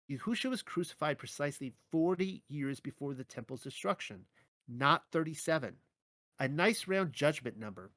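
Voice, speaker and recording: A man reading his own Bible teaching article aloud in a measured way, with occasional stumbles and wry asides. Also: mid-range voice, a bit bright, dry recording.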